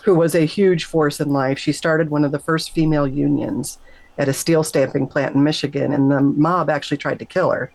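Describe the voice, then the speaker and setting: A middle-aged woman, a nurse, telling an emotional personal story in an interview, animated and emphatic, her voice leaping up whenever she quotes herself. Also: moderate pace, creaky, poor audio. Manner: animated, emphatic, jumps high when quoting herself. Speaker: guest, nurse.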